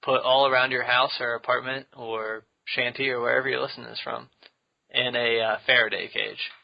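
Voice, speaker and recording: A man's voice: medium pitch, level tone, a little fast, creaky, lo-fi sound. A man hosting a casual podcast, joking and rambling with frequent restarts. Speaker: podcast host.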